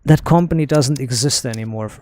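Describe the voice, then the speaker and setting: A man's voice: mid-range voice, fairly quick, warm tone, no room sound. A young man streaming a game, rambling through a story with casual swearing. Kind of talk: casual gaming chat.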